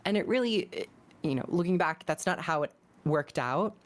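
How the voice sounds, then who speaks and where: A woman on a gaming podcast, giving her views in a measured, thoughtful way. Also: on the low side, animated. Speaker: podcast guest. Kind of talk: casual gaming chat.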